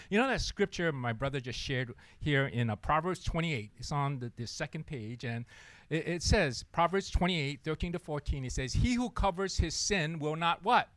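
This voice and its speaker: A young man preaching a sermon, telling a story in an animated way and acting out the people in it. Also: medium pitch, moderate pace, dry recording. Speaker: pastor.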